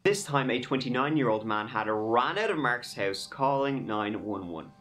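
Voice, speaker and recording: A man's voice: mid-range voice, animated, normal speed, fairly bright tone. A man hosting a true crime podcast, telling the case in a conversational way with wry asides. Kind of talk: casual true crime narration.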